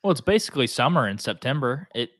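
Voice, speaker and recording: A man with a Southern US accent, telling hunting stories in a relaxed, casual chat. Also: mid-range voice, fast, no echo. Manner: relaxed storyteller, frequent "like".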